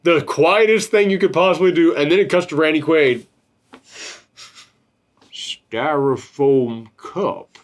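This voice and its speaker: A man's voice: on the high side, brisk, hardly any pauses. A man hosting a casual film-review chat, rambling and swearing freely. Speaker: podcast host reviewing a film.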